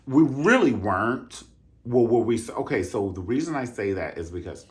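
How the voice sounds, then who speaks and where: A man telling a story in a casual, profane rant, flamboyant and sassy, with drawn-out emphatic asides. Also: mid-range voice, big pitch swings. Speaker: vlogger reviewing a dance concert.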